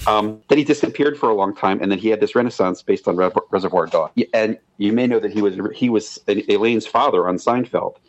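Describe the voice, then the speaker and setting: A man recounts production stories at a rapid clip, stumbling over restarts and chuckling along the way. His voice sits on the lower side, and the recording sounds dull and lo-fi. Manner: rambling, frequent restarts and laughs. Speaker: guest, animated show co-creator. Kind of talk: anecdotal interview storytelling.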